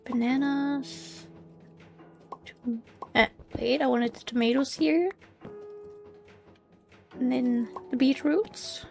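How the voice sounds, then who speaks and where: A woman's voice: high-pitched, fairly even intonation, slow, vocal fry, pauses often, darkish tone, faint music behind. A woman with a slight German accent, thinking aloud as she hosts a casual gameplay commentary, musing and hesitant. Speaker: let's play host.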